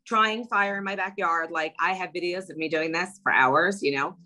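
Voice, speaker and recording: A middle-aged woman talking as an interview guest, chatty and animated, packing her stories with "like". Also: lowish voice, normal speed, low-quality recording. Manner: chatty, animated storytelling, lots of "like". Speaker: interview guest, former reality show contestant. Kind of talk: casual interview chat.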